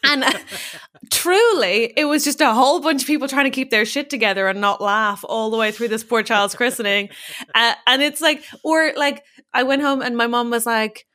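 A young Irish woman chatting as a comedy podcast guest, an animated storyteller with lots of fillers and restarts. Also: a little high, moderate pace. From Ireland. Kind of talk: casual podcast chat.

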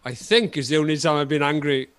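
A middle-aged Welsh man, a comedian guest on a podcast, telling a comic story in an animated way and often repeating himself. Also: on the high side, quick pace. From Wales. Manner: animated, repetitive storytelling with frequent laughter.

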